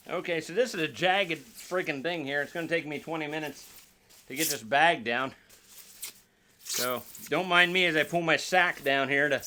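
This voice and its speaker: Bright-voiced rambling guitar vlogger man. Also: fairly high pitch, normal speed, pauses often, a little hiss or hum. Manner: rambling, self-deprecating, jokey. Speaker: guitar reviewer. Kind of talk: casual unboxing review.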